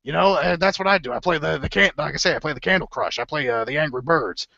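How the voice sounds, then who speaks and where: A gravelly, forceful conspiracy radio host, put on by a man rants in circles, tripping over his words and correcting himself as he goes. His voice sits a little high and has a hard, sharp edge. The sound is dull and lo-fi, like cheap stream audio. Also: quick pace, no room sound, exaggerated voice. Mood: rambling. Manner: rambling, stammering, self-correcting rants. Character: blustering middle-aged male conspiracy radio host. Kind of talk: improvised comedy impression.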